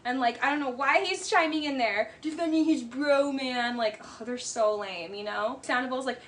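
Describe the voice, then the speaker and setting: A woman's voice: high-pitched, moderate pace, hardly any pauses, a bit bright. A woman giving blunt, sarcastic casual commentary on a reality show and mimicking the people in it. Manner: blunt, sarcastic, mocking impressions.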